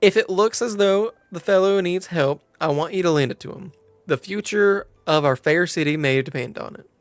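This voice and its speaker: A man's voice: sits high, very fast, dark tone, dry recording, pitched above the performer's own voice, close to an everyday voice. A man voicing a shrewd, confiding innkeeper woman, reading game dialogue aloud with a put-on southern drawl. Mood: urging.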